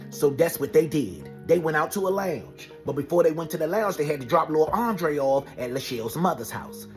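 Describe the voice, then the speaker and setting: Animated, profane comic storyteller man. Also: on the high side, fairly quick, few pauses, soft background music. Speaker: comedian storyteller.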